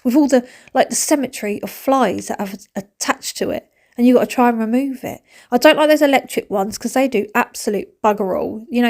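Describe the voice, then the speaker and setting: A woman's voice: on the high side, vocal fry, darkish tone. A woman, chatting animatedly in a home cleaning vlog, dropping to whispers and rising to squeals. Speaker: vlogger. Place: family home.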